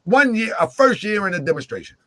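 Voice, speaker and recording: A man telling a long, jokey story in lively chat, acting out the voices he quotes. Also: high-pitched, quick pace, no echo.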